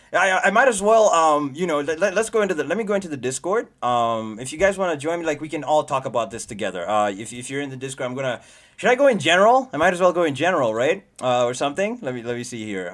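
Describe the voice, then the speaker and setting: A young man rambles through a film review on his livestream, his voice sitting in an ordinary middle pitch. He talks in bursts of fillers and restarts and keeps circling back to his points. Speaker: livestream host. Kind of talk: excited movie review chat.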